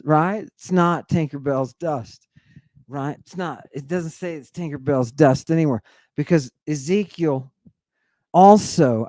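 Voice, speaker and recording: A man giving an excitable, irreverent lecture as a guest scholar, teasing his audience and calling out to the crew. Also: on the high side, dry recording, studio quality. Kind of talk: animated lecture on ancient texts.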